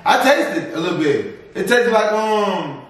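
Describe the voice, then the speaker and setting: A man's voice: sits high, big pitch swings, measured pace, far from the mic. Joking young man in an echoey room. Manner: joking, teasing, loose slang. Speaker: food review co-host. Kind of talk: casual food review banter.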